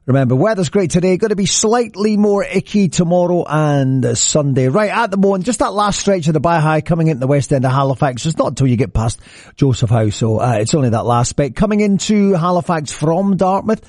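An upbeat man runs a morning radio show, chatting through traffic and a story. His voice sits on the high side and sounds close and dry, with no room behind it. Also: lively intonation, fairly quick, darkish tone, dry recording. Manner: upbeat, chatty, jumps around in pitch. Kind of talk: casual radio chat. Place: radio studio.

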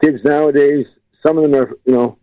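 A man, a junior hockey coach answering questions in a casual interview, matter-of-fact with filler pauses. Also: on the high side, steady tone, no echo. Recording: dull lo-fi line.

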